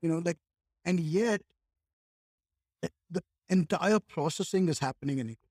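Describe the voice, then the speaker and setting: Guy from india rambling in a chat, higher voice, lots of like and right, dry close sound. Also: moderate pace, darkish tone, no echo. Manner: thinks aloud with many "like" and "right?". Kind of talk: casual conversation.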